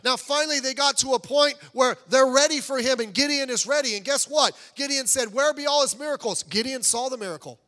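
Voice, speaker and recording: A man preaching a sermon as pastor, swinging from soft low asides to raised, pleading urgency. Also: fairly quick, hardly any pauses. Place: church sanctuary. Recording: church hall reverb.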